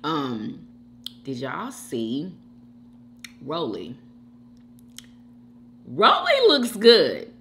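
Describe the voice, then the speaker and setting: A woman's voice: deep voice, drawn-out words, long pauses, a little hiss or hum. A woman hosting a mukbang channel, chatting casually to her viewers while she eats and calling out to them often. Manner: animated, keeps addressing viewers as "y'all".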